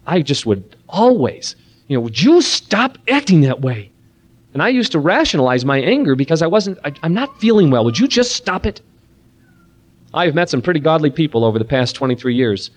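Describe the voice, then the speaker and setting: A man leading a Christian parenting seminar, praying softly and then preaching earnestly and animatedly to a room of listeners. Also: medium pitch. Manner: earnest, animated preaching with a soft-voiced prayer. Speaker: seminar speaker. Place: room with an audience.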